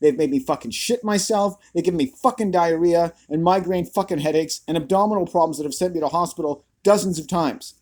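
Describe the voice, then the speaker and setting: Furious, profane man with a squeaky voice. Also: a little fast, hardly any pauses, darkish tone. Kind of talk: angry rant to camera. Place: outdoors.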